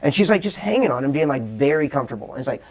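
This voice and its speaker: A man co-hosting a casual podcast chat about a movie, rambling and animated, swearing freely and acting out scenes. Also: medium pitch, very fast. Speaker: podcast co-host.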